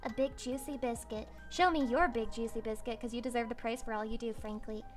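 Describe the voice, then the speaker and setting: A woman livestreamer chatting casually with her viewers, excitable and swearing freely. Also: on the high side, brisk, soft background music. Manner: excitable and swearing, with squeals and laughs.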